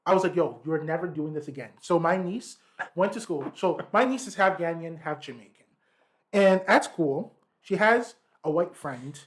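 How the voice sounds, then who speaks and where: A man co-hosting a podcast, telling stories in a casual chat, animated and swearing freely. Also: sits high, moderate pace. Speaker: podcast co-host. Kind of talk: casual conversation.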